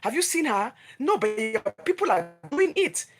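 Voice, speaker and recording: A woman's voice: high-pitched, very animated, moderate pace, music in the background. A woman with a Nigerian accent, a vlogger running her own gossip news channel, delivers a heated, confrontational rant that scolds her target with emphatic repetition.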